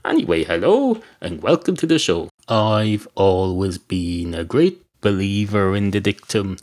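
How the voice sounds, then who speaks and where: A man hosting his own show with a rambling, deadpan comic monologue. His voice sits on the low side and wanders from point to point. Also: measured pace. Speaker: podcast host.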